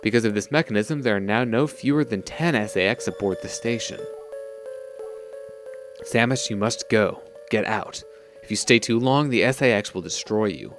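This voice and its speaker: A man reading out a stern, commanding ship computer's lines in a flat, measured way. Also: lowish voice, over music, natural voice. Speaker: reading game dialogue aloud.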